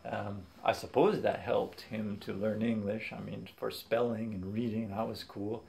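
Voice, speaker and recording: A young man casually telling funny stories from his childhood, animated and quick to laugh. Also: fairly low pitch, vocal fry. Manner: animated, acts out voices in quotes, laughs often. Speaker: vlogger. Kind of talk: casual storytelling.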